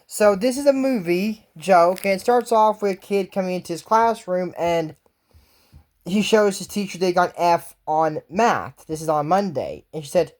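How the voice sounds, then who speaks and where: A woman's voice: on the low side, lively intonation, darkish tone. A woman telling a long joke as a story, rambling loosely and slipping into short voices for the people in the tale. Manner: loose storytelling with quick voiced asides for each person in the tale.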